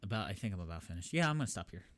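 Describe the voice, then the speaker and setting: A man co-hosting a casual podcast, telling a story with lots of laughter and quick put-on voices for the quoted lines. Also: low-pitched, sing-song, dry recording. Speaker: podcast co-host. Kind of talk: casual chat, retelling a cartoon episode.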